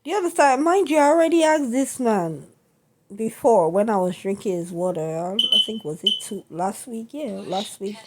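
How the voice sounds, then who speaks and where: A woman's voice: a little high, animated, moderate pace, a little hiss or hum. Woman ranting in a vlog, fired up and indignant, keeps checking you get it. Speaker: vlogger. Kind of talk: venting monologue to camera.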